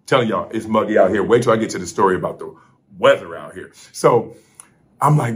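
A middle-aged man hosts a casual vlog from his hotel room on vacation, telling a story in an animated way. His voice is lowish and fairly quick, and he laughs while acting out the voices of people he quotes.

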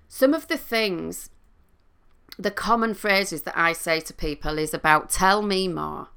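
A middle-aged woman, a coach and trained therapist, explaining listening skills in a calm, teaching manner. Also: fairly low pitch, a little slow, smooth. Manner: calm, explanatory, with sing-song demonstrations. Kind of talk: talking to camera, teaching.

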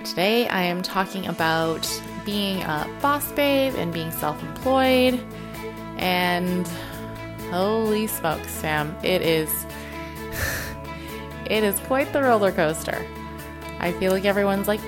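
A young self-employed woman talking candidly and emotionally about her work and feelings in a personal vlog, now and then acting out what others say in lively voices. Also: mid-range voice, slow, music in the background. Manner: emotional, confessional, quotes people in animated voices. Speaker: self-employed social media creator.

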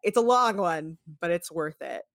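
A woman hosting a casual recap podcast, animated and swearing, acting out quotes as she retells scenes. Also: lowish voice, normal speed, vocal fry, dry recording, clean studio sound. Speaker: podcast host.

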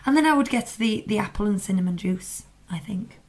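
A woman's voice: mid-range voice, expressive, fairly quick, darkish tone. A woman with a Northern English accent co-hosting a casual podcast chat. She talks in a chatty way, laughs often and reads menu items aloud. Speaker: podcast co-host.

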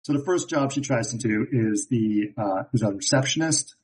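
A man co-hosting a casual chat show, retelling a plot with many pauses and filler sounds. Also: medium pitch, slight background noise, rough recording. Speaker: podcast co-host.

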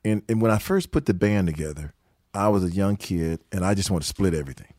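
A man's voice: sits low, fast talker, dry recording, clean studio sound. An older man, a musician, telling stories in a casual interview, quoting people and laughing often. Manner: animated storyteller, quotes people, laughs often.

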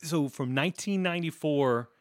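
A man's voice: on the high side, no echo. Man riffing on comics with his buddy, lightish voice, dry sound. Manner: quick, playful chiming in. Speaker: podcast co-host. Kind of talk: casual comic book chat.

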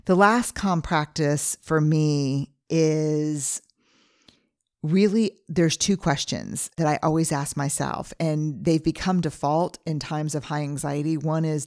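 A woman in her forties hosting a podcast, speaking in an earnest, conversational monologue and slowing down to stress her points. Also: low voice, steady tone, darkish tone. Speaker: podcast host.

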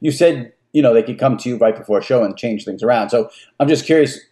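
A man's voice: medium pitch, quick pace, dark tone. A man hosting a podcast, enthusiastically asking a guest several questions at once. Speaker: podcast host. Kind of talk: casual interview chat.

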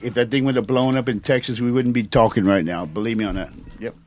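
Cajun restaurant owner spinning yarns. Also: male voice, mid-range voice, fairly even intonation, quick pace. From Louisiana. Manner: storytelling, repeats short affirmations. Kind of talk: casual chat.

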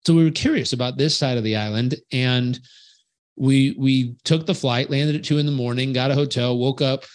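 A man, a life coach, telling a personal story in a casual podcast interview, animated and acting out the people in it, recorded at his island beach home. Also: mid-range voice. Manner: animated storyteller who acts out quoted voices.

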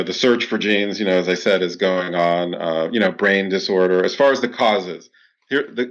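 Here a clinical psychologist, low-pitched with a fairly bright tone, works through interview questions in lengthy explanations peppered with fillers and restarts. The sound is dull and lo-fi.

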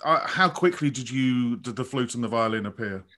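A man hosting an interview podcast, chatty and quick to laugh. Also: mid-range voice, lively intonation, a bit bright. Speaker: podcast host. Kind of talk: conversational interview.

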